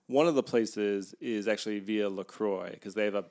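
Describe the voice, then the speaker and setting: A man's voice: on the low side, normal speed, darkish tone. A man co-hosting a casual podcast from his kitchen table, telling wry, rambling stories. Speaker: podcast co-host. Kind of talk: casual chat.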